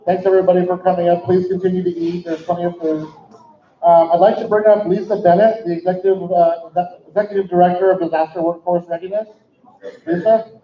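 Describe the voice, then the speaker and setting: A man's voice: sits high, flat delivery, fast. A man acting as master of ceremonies, setting the scene for the guests with dry, self-deprecating humor. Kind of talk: event speech with storytelling. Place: indoor event hall. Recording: echoey, dull hall recording.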